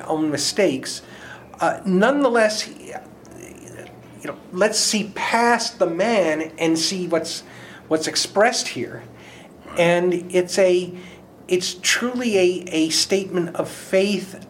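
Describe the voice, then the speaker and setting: A man's voice: high voice, takes it slowly, slight background noise. A man on a Bible study panel, speaking earnestly and emphatically as he quotes scripture. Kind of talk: casual Bible discussion.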